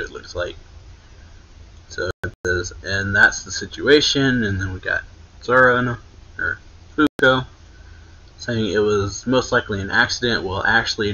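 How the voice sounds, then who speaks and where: Young male reaction host, low-pitched, bright and husky, rambling casual recap, lo-fi mic. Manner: rambling, filler-heavy retelling with many likes and restarts. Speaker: anime reaction channel host.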